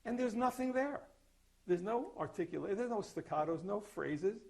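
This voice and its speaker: A man's voice: sits high, lively intonation, moderate pace, vocal fry, a little mellow. An older man teaching a percussion master class, explaining articulations and singing short example notes. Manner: explains then sings or plays examples.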